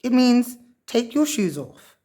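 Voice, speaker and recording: A woman's voice: fairly high pitch, very animated, slow pace, mellow, pitched above the performer's own voice, heavily acted. A woman doing a self-assured little girl. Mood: confident. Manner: sure of herself, matter-of-fact. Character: confident bossy young girl.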